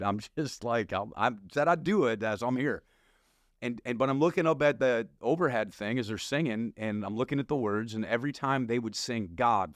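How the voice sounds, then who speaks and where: A middle-aged man shares a personal testimony in relaxed, animated conversation, slipping into the voice of his younger self as he tells it. His voice sits at an ordinary pitch for a man. It is recorded close and dry, with no room around it. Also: dry recording. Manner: animated storytelling, acts out his past self with slang. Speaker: pastor and podcast guest. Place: podcast studio.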